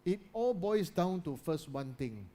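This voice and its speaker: A man giving a motivational talk to students. He repeats his points and keeps checking in with the audience, often dropping to a soft, low voice. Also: sing-song, a little slow. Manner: repetitive, keeps checking in with listeners. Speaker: guest speaker.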